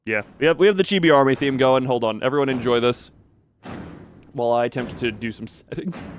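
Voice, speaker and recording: A man chatting casually to his live-stream audience, animated and quick to laugh. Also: medium pitch. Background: faint background music.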